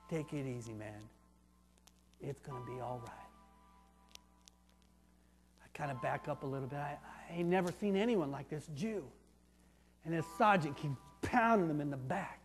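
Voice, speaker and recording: A man acting out a tough, streetwise ex-criminal who tells his story in coarse, colloquial speech, lurching from booming outbursts to near whispers. The voice sits high for a man. It rings through a church sanctuary with a long echo and faint music underneath. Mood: awed. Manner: coarse colloquial talk, swinging from loud outbursts to hushed tones. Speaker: pastor. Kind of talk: first-person dramatic monologue in a sermon.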